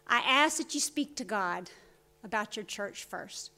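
A woman preaching a church sermon, telling stories and voicing quotes with lively swings in loudness. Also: mid-range voice, measured pace. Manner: storytelling with voiced quotes, lively shifts in loudness.

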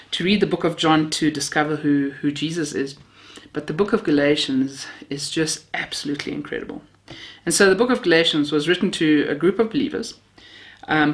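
A woman from Namibia, preaching a sermon built on personal stories, heartfelt with a self-mocking sense of humor. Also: low-pitched.

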